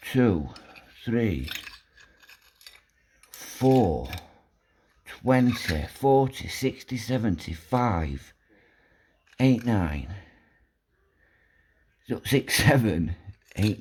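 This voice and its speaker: A man filming a do-it-yourself vlog while fixing a washing machine, excitable and swearing constantly. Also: mid-range voice. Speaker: vlogger. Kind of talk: casual DIY vlog.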